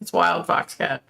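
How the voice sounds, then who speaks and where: A woman's voice: fairly low pitch, vocal fry, bright, forceful tone. A woman hosting a casual livestream, chatting and reacting aloud to viewer comments. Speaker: livestream host.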